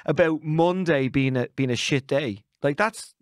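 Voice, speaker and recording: A man with an Irish accent hosting a casual chat, jokey and quick to laugh. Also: on the high side, no room sound, studio quality. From Ireland. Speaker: host. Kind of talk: casual conversation.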